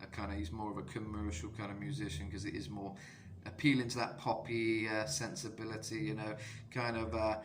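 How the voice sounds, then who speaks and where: A man's voice: fairly low pitch, fairly quick, few pauses. A man giving a casual vocal analysis lesson as a coach, rambling with lots of fillers. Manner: rambling, filler-heavy, bursts into sung demos. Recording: steady background noise.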